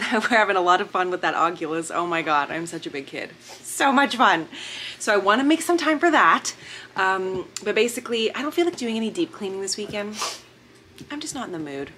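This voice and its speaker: A woman's voice: medium pitch, a bit bright, slight background noise. A woman, a mom vlogging at home in easy casual chat that is full of "like". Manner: chatty, peppered with "like".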